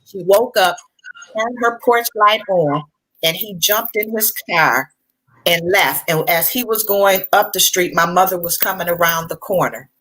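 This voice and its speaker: Woman, middle-aged, lower voice, conversational personal storytelling, earnest, restarts. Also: measured pace, sharp tone, poor audio. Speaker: panel guest sharing her story. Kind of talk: personal storytelling on a panel discussion.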